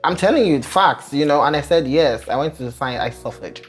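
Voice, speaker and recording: A young man from Nigeria with a Nigerian accent, a radio presenter chatting as a guest in a casual interview, animated and quick to laugh. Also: fairly high pitch, faint music behind. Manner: animated, laughs often, playful.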